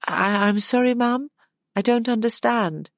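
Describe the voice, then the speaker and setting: A woman's voice: fairly high pitch, a little slow, no room sound, pitched above the performer's own voice. A woman voicing a young female traveler who speaks dryly and politely. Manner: dry, polite.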